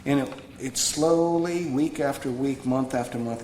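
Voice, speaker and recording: A man's voice: mid-range voice, normal speed, few pauses, a little mellow. A man giving a personal recovery talk to a live audience, earnest, repeating phrases for emphasis. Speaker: recovery speaker. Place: retreat meeting room. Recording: echoey room, faint background hum.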